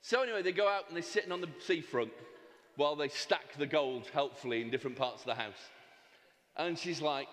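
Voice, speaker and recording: A man telling a long comic joke at an event, animated and breaking off for asides to the audience. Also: on the high side, brisk. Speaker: speaker at a fundraising event. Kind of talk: comic storytelling with slides. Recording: reverberant hall.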